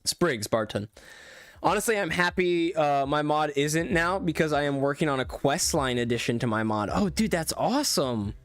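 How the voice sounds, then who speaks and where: A man streaming gameplay commentary, excitable, laughing often and reading out chat. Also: fairly high pitch, normal speed, dry recording. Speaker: streamer reviewing viewer mods.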